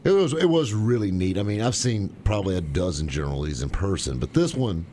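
A man's voice: sits low, sing-song, brisk, warm tone, a little hiss or hum. A man co-hosting a radio show, chatting with enthusiasm and jokes about classic cars. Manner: enthusiastic, joking car talk. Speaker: co-host. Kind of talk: casual radio show chat.

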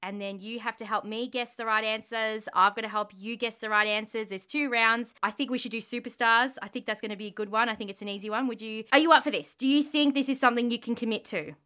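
A woman's voice: fairly high pitch, steady tone, quick pace, hardly any pauses, sharp tone, clean tone. A woman hosting a podcast in casual chat, bubbly and gushing, laughing often. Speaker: podcast host.

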